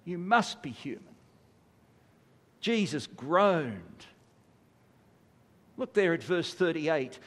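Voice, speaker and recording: An older man preaching a sermon, earnest and emphatic, slowing into weighty pauses. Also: high voice, in a large hall.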